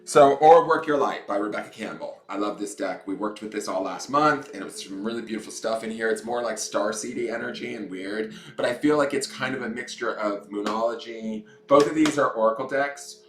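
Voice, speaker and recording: A man's voice: fairly low pitch, brisk, hardly any pauses, roomy sound. A man hosting a casual tarot live stream, chatting in a playful, campy way and greeting viewers by name. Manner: playful, campy, joking asides. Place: indoors at home.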